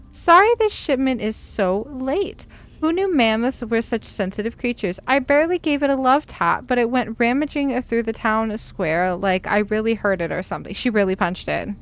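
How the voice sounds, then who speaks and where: High, lively fantasy-game Nord maiden, adventurous and quick to anger as a woman puts her on. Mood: exasperated. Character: cheerful adventurous young Nord woman, hot-tempered. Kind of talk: reading a game letter aloud.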